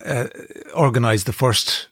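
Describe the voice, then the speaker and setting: A man in his fifties with an Irish accent hosts a radio talk show. His voice is mid-pitched and recorded dry and close. He chats conversationally and pauses now and then to think. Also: a bit bright, slightly rough, no echo. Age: 50s. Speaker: radio host. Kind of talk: casual chat.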